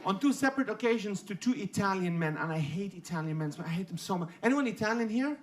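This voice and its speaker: A man's voice: sits high, lively intonation, fast. A man from Lebanon doing a stand-up comedy set, punchy and self-deprecating, on a stage microphone. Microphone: handheld stage microphone.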